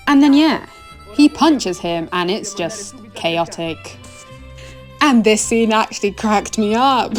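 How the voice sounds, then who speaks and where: A young woman talks through an anime review in a loose, rambling way, tossing in fillers and exclamations. Her voice sits at a middle pitch. Faint music plays softly behind her. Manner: rambling and chatty, full of "like" and "oh my gosh". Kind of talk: casual anime review chat.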